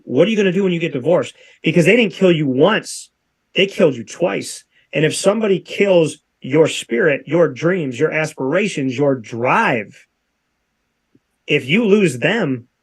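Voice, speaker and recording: A man in his thirties hosting a talk show, speaking emphatically and repeating phrases for effect. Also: a little high. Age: 30s. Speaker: show host. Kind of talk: casual talk show chat.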